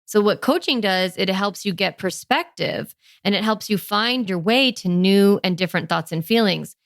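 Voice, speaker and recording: A middle-aged woman coaching parents on her podcast, speaking earnestly and casually, with lots of "like" fillers. Her voice is close and dry, with no room around it, and sits at an ordinary pitch. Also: moderate pace, creaky, no echo. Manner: earnest, conversational, many "like" fillers.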